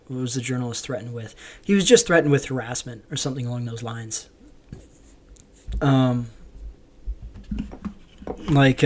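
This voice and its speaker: A man from Canada hosting a livestream, rambling with lots of ums as he reads viewer chat aloud and answers it. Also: mid-range voice. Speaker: livestream host. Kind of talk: casual livestream commentary.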